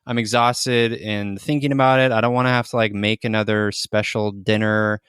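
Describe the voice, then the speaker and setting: A man hosting a podcast in casual chat, affirming his guest with quick agreement and halting restarts. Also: on the low side, steady tone, fairly bright tone, smooth, dry recording, clean studio sound. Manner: affirming, stammering restarts, laughs easily. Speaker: podcast host.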